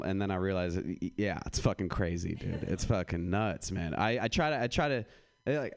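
A man performing a laid-back, rambling, self-deprecating stand-up comedy set on a club stage. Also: medium pitch.

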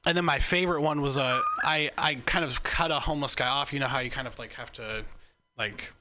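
A man comedian in casual chat, telling deadpan anecdotes with hesitant, rambling phrasing full of ums. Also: medium pitch, a little fast.

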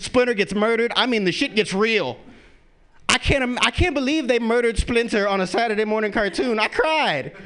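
A man doing a stand-up comedy set, profane and animated, jumping into quick character bits. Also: sits high.

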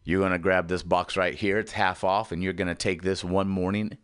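A man putting on a soothing, hushed shop clerk. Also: little pitch movement, moderate pace, smooth. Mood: reassuring. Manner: low, hushed, reassuring. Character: calm male cannabis shop clerk giving advice.

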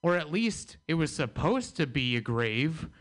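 A man doing a stand-up set, his pitch moving around a lot. His voice sits slightly high. He slips in offhand asides between jokes. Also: big pitch swings, measured pace. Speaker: stand-up comedian. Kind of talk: stand-up routine.

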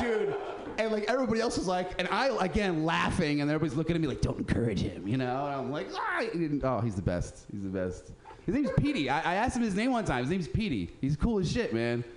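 Animated, profane male radio host. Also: lowish voice, a little hiss or hum. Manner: profane, animated, acts out people in quotes. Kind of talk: casual storytelling chat.

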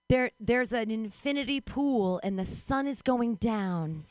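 Casting note: higher-voiced woman comic host, fast and chatty, dry close mic. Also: no room sound. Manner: quick, conversational, building absurd bits. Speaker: stand-up comedian and show host. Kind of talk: stand-up set.

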